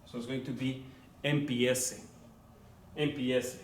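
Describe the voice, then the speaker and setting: Slow-talking male teacher in an echoey room. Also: mid-range voice, little pitch movement. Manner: slow and deliberate, repeating words, checking in with "right?" and "okay?". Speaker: Spanish teacher. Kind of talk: classroom lecture. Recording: echoey room, voice from far off, faint background noise.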